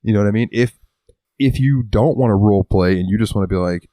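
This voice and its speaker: A man's voice: on the low side, a little fast, dark tone, no room sound. A man co-hosting a casual podcast, rambling and swearing freely, acting out little quotes as he talks. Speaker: podcast co-host. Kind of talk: casual chat.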